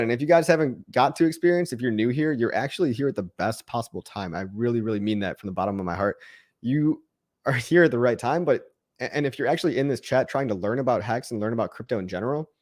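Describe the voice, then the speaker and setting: A man talks straight to his livestream audience in a loose, rambling pep-talk voice, often restarting his words. His pitch sits in the ordinary middle for a man, and he keeps the mood upbeat and encouraging. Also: a little mellow. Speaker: livestream host answering chat questions. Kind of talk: casual motivational rant.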